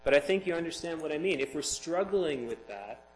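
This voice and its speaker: A man's voice: on the high side, expressive, fairly quick, reverberant, low-quality recording. A man preaching a sermon as pastor, earnest and emphatic, explaining scripture to his congregation.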